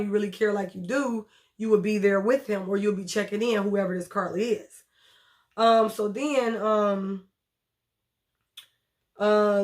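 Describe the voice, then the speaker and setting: Blunt, profane woman recapping a show. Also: fairly high pitch. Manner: blunt, profane, animated retelling with acted quotes. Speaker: TV show reviewer. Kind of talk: casual recap and commentary.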